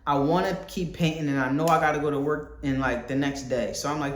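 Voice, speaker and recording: A man's voice: a little high, fairly even intonation, fairly quick, few pauses, a little hiss or hum. A man from talking casually in a vlog while painting at home, candid and rambling, swearing freely. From Philadelphia. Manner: loose and candid, swears freely, muses aloud with many fillers. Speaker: vlogger and visual artist. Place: indoors at home, painting a wall. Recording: echoey room.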